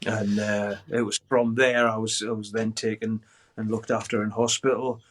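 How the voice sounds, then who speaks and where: Animated older man telling a story. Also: lowish voice, normal speed. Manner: animated, swearing, acts out shouted quotes. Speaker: guest musician. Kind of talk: storytelling in a podcast interview.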